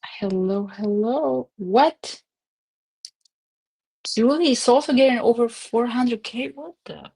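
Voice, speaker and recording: A woman's voice: on the high side, slow, pauses often, darkish tone, slightly rough. Woman in her twenties or thirties, casual stream host, rambling chatty delivery, recorded at home. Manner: chatty, rambling, laughs often. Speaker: livestream host. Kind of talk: casual livestream chat.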